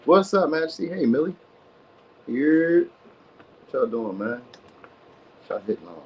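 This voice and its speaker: A man's voice: on the high side, big pitch swings, unhurried, lo-fi sound, slight background noise. A man hosting a live tarot reading, chatting loosely with viewers in slang and saying "you know what I mean" a lot. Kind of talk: casual live-stream chat.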